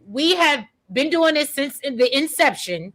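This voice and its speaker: 高めの明るい声の女性ホスト. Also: female voice, sits high, expressive, unhurried, a bit bright. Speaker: podcast host. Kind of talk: casual chat.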